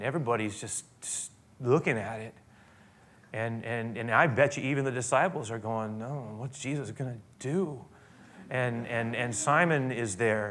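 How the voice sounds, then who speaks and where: A man preaching a sermon, retelling a scripture scene with many restarts, dropping to hushed tones and rising to emphatic peaks. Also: mid-range voice. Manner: storytelling with frequent restarts, swinging from hushed to emphatic.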